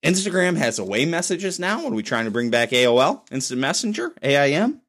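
Profane rambling male podcast host. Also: a little fast. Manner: rambling, profane, lively pitch swings. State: drinking beer while recording. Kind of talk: casual solo podcast monologue.

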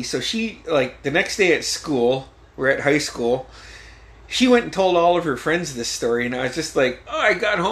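A man's voice: fairly high pitch, sing-song, moderate pace, a bit bright. A man guest on a podcast, telling stories casually, swearing freely and laughing often. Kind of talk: casual storytelling.

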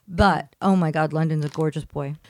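A middle-aged woman co-hosting a casual chat, animated as she tells stories and acts out what others said. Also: normal speed, no room sound, clean studio sound. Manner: animated storyteller, acts out quotes with raised pitch. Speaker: co-host.

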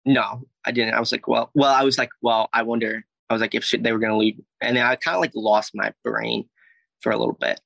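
A guest, a young man from Alabama, tells his personal story in a casual ramble full of "like," "I was like," and frequent swearing. He talks a little fast in a medium-pitched, creaky, fairly bright voice with little pitch movement, in a muffled recording with no echo.

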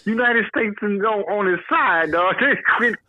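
High lively dude ranting and cussing on a podcast, dry close sound. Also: male voice, unhurried, no room sound. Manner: animated, profane, laughs a lot. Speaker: podcast co-host. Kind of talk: casual comedic chat. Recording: tinny phone-like sound.

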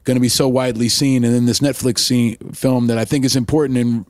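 A male interview host with an average-pitched voice who asks long, winding questions and gushes over his guest. He is recorded close up and dry. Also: little pitch movement, fast talker, darkish tone, no echo. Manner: enthusiastic, asks long rambling questions with restarts. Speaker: podcast host.

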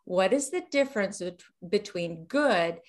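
A woman's voice: medium pitch, animated, unhurried. A woman hosting a podcast over a video call, chatting enthusiastically with her guest and reading his bio aloud. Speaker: podcast host. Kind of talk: casual interview chat.

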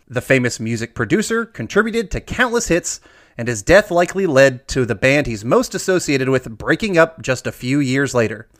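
A man hosting a trivia game, reading questions aloud and drawing out the verdicts. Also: medium pitch. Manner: lively, drawn-out emphasis on answers. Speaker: quiz host.

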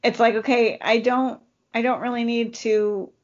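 A woman's voice: a little high, fairly even intonation, normal speed, darkish tone, dull audio. A woman co-hosting a podcast, chatting casually and rambling with lots of fillers. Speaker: podcast co-host. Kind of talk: casual chat.

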